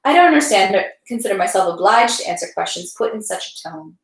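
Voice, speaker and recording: A woman's voice: mid-range voice, lively intonation, quick pace, gravelly, heavy reverb, poor audio. Woman reading as a haughty, cowardly young rake. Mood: haughty, defensive.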